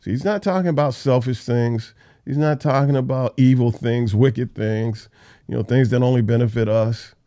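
Gravelly man teaching the Bible. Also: mid-range voice, normal speed, mellow. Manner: conversational, with fillers and restarts. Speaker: Bible teacher, podcast host. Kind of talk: casual Bible study teaching.

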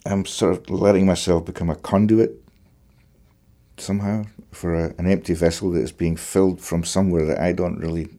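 A man with a very low, dark voice talks about his playing in a conversation. He is thoughtful, often pausing and restarting as he looks for the right words. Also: steady tone. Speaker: fiddler. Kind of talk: conversational reflection on music.

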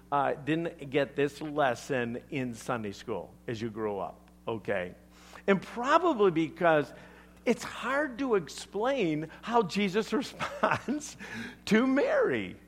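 A man preaching a sermon, animated, acting out quotes with sudden loud bursts and often checking in with "okay?". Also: fairly high pitch. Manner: keeps asking "okay?". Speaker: pastor.

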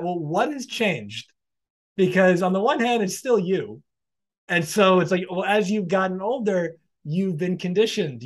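A man hosting a podcast, reflecting in a loose conversational way on a guest's story. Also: sits high. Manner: reflective, loose filler-heavy phrasing. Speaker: podcast host. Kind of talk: casual interview reflection.

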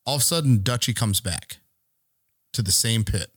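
A man with an ordinary mid-pitched voice tells a long story on a podcast, rambling and swearing as he goes. He slips into quick voices for the people he quotes. The sound is dry and close to the mic. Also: fairly bright tone, husky, no echo. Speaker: podcast co-host. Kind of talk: casual storytelling.

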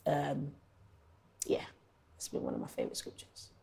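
A woman's voice: sits low, huge pitch swings, moderate pace, creaky, dark tone, breathy edge. Chatty young woman with a London accent. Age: 20s. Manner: chatty storyteller, many ums and likes. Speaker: guest, singer-songwriter. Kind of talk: casual interview chat.

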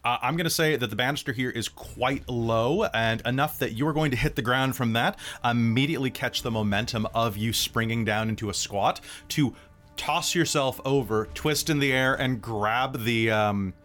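A man running a tabletop role-playing game, narrating in a relaxed, meandering way with plenty of ums and uhs. His pitch sits in a middle range. Faint music plays underneath. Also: moderate pace. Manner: relaxed, rambling narration with many fillers. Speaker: game master.

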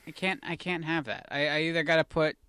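A man co-hosting a casual podcast, animated and teasing, laughing often. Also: fairly high pitch, quick pace, clean tone, dry recording. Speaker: podcast co-host. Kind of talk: casual chat.

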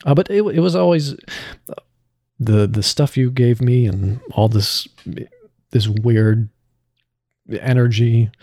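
A man's voice: medium pitch, slow pace, warm tone, no echo. A man who voices a character on a podcast, talking it over in a reflective, rambling way with many restarts. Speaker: voice actor. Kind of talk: casual podcast chat.

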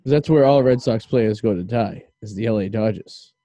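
A man's voice: lowish voice, normal speed, warm tone, dry recording. A man with a Boston accent hosting a casual podcast chat, joking and rambling. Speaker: podcast host.

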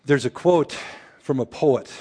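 A man preaching an earnest sermon, often dropping his voice low and slow for quoted prayers. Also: warm tone. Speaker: pastor.

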